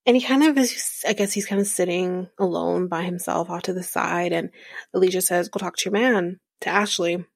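Chatty woman with a gravelly voice. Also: on the low side, normal speed, dry recording, clean studio sound. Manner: chatty and rambling, with fillers and soft laughs. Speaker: podcast host. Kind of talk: casual reality-show recap.

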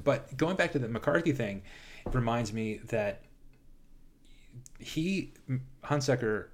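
A man in casual film discussion, animated and quick in bursts, often restarting his sentences. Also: medium pitch.

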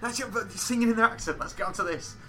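A man in his thirties chatting casually on a podcast, animated and quick to swear and laugh. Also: high-pitched, a loud crowd. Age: 30s. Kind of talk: casual chat.

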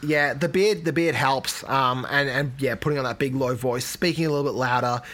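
A man's voice: mid-range voice, a little fast, a bit bright. A man co-hosting a casual podcast chat, laughing often and restarting his sentences. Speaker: co-host.

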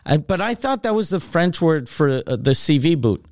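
A man's voice: on the high side, normal speed, no room sound, clean studio sound. Foul-mouthed male podcast storyteller. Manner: animated, swears constantly, acts out both sides of dialogue. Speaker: comedian podcast host. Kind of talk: casual storytelling chat.

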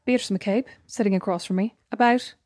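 A woman's voice: medium pitch, fairly quick, darkish tone, no room sound, clean studio sound. A woman co-hosting a casual podcast with her sister, chatty and teasing. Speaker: podcast co-host.

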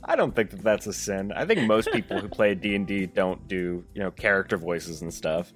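A man who runs the group's game, calmly explaining things in casual podcast chat. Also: deep voice, moderate pace, music in the background. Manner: calm and explanatory. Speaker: game master and podcast co-host.

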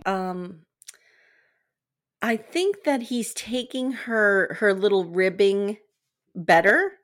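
A woman's voice: medium pitch, slow pace. A woman co-hosting a casual TV recap podcast, playful and jokey. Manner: playful, jokey, does silly voices. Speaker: co-host.

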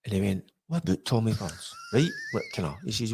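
Man, Scottish accent, middle-aged, lowish voice, rambling casual storytelling. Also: very animated, fairly quick, creaky, darkish tone, husky. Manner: rambling storyteller, frequent restarts, acts out quoted voices. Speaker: former footballer, guest. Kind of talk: casual anecdotal chat.

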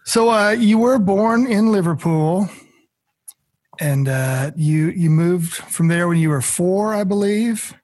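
A man's voice: sits high, takes it slowly, a little mellow. A man hosting an interview, asking curious questions and cracking jokes. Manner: curious and joking. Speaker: podcast host.

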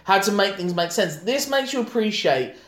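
A man, hosting a casual film review podcast, arguing and joking with his co-hosts. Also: sits high. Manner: animated, argumentative, quick to laugh. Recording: echoey room.

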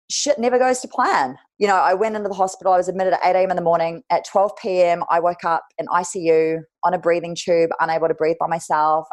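A woman's voice: fairly low pitch, a little mellow. A young woman, a guest on a podcast, telling a personal story in a candid, casual way. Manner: candid, casual, swears lightly.

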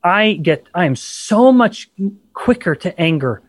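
A man co-hosting a podcast, talking in an animated, joking, emphatic way. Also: high voice, unhurried, no room sound. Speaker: podcast co-host. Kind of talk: casual podcast discussion.

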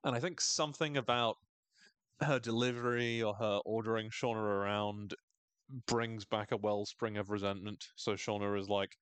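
A man's voice: lowish voice, fairly bright tone, smooth, no echo. A man hosting a podcast, casually recapping a TV episode in a chatty, wry way. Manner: chatty, wry, acts out characters' lines in quick voices. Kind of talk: casual chat.

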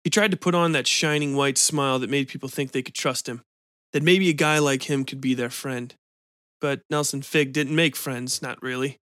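A man hosting a podcast and reading a short story in an even, measured way. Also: medium pitch, no room sound, clean studio sound. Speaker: podcast host and narrator. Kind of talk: scripted story narration.

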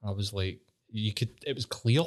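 A man's voice: on the low side, normal speed. A Scottish man chatting casually on a podcast, swearing freely and laughing easily. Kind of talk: casual chat.

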